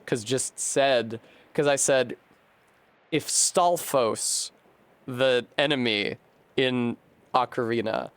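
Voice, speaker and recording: A man streaming a video game, chatting casually, thinking aloud as he sounds out foreign words and swearing freely. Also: mid-range voice. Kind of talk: casual live-stream gaming commentary.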